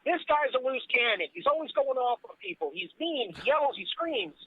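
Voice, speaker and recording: A man's voice: extremely high pitch, lively intonation, normal speed. A man hosting a casual political talk show, blunt and sarcastic, with swearing. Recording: dull lo-fi recording.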